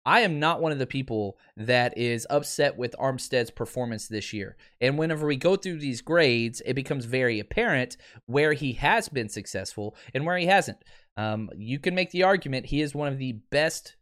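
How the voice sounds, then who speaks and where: A man hosting a live solo sports podcast, chatting casually and reading viewer comments aloud. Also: mid-range voice. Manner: energetic, chatty, frequent fillers. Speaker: podcast host.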